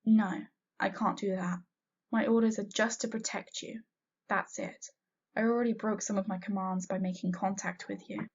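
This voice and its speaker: A woman voicing a mysterious teenage girl who teases and coos softly. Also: mid-range voice, fairly even intonation, normal speed, breathy edge. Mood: calm. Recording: dull lo-fi recording.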